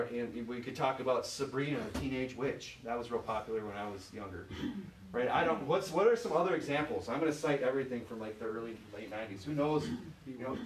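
A male pastor from Michigan, USA gives an informal, conversational sermon in a church sanctuary, sprinkling in "you know" and posing questions to the pews. His middle-pitched voice is captured from far off, echoing around the room over a faint hiss.

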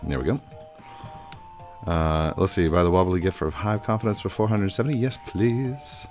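Man, very deep voice, casual gameplay commentary, easygoing, lots of ums, faint music behind. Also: a little fast. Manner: easygoing, hesitant with frequent ums and uhs. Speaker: gaming channel host.

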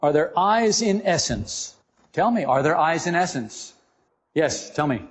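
A man giving an informal spiritual talk to a group, animated and joking, often asking his listeners questions. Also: a little high, a little slow, slight background noise. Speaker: esoteric teacher. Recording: dull lo-fi recording in a reverberant room.

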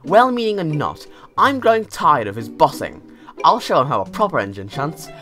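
A man's voice: very animated, normal speed, pushed and bright. A man voicing a cheeky, boastful young male tank engine with a raised, heated voice. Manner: high and heated when complaining. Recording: music playing behind.

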